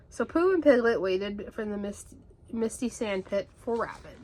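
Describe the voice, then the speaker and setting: A woman in her twenties reading a bedtime story aloud in a soft narrating manner. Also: mid-range voice, expressive, moderate pace. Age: 20s.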